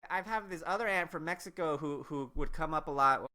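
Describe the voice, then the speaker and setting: A man's voice: fairly high pitch, brisk, bright, forceful tone. A man in his forties, a podcast host, telling stories in casual chat in a rambling way with many fillers. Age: 40s.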